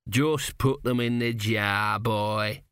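A tired, patient veteran embalmer, voiced by a male narrator, answers in slow, unhurried words. He sounds worn but calm, close to the narrator's own voice. The booth is dry. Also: fairly low pitch, smooth, no echo. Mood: weary. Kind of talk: audiobook character voice.

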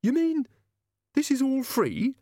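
A shrill, sharp-tongued mother, as a male narrator puts her on, her voice jumping high with every protest. She pushes her point without letting up, in a lively, swinging delivery. The reading is dry and close. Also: moderate pace, dry recording. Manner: sharp and indignant. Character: shrill, pushy working-class mother.

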